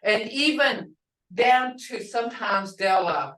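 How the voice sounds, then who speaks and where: An older woman teaching a language class, who speaks slowly and patiently and repeats each word so her students can hear its tone. She is heard from some way off the mic, in a room with a noticeable echo. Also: medium pitch, lively intonation, a bit bright. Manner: patient, repeats words to model tones. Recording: roomy, distant from the mic.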